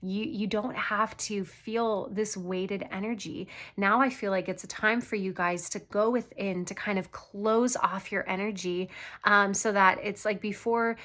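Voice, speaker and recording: A woman's voice: mid-range voice, steady tone, unhurried, a bit bright. A young woman giving a casual tarot reading, chatty and earnest, with many fillers and restarts. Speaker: tarot reader.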